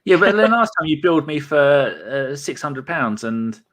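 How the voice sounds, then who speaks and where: A man's voice: fairly high pitch, normal speed, fairly bright tone. A man hosting a football podcast, joking and teasing his co-hosts in casual banter. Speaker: podcast host.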